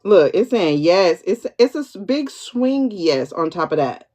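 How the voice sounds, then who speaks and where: Excitable and repetitive, a woman runs a livestream pendulum reading, interrupting with "hold on" while questioning her spirit guide and chatting with viewers. The tarot reader host has a lowish voice and an unhurried pace, captured on a phone or computer mic in dull lo-fi livestream audio.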